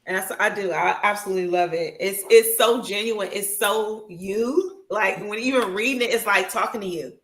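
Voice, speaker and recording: A woman chatting on a podcast, emotional and expressive, swearing freely and acting out what people say. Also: medium pitch, moderate pace, hardly any pauses, reverberant, poor audio. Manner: quotes people in animated voices. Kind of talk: casual podcast chat.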